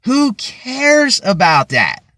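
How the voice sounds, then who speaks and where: Slow, projecting man talking into his phone. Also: extremely high pitch, wildly swooping pitch, pushed and bright, no room sound. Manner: slow and deliberate, projecting as if to a crowd. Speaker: vlogger. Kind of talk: motivational monologue. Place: inside a car. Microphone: cheap phone.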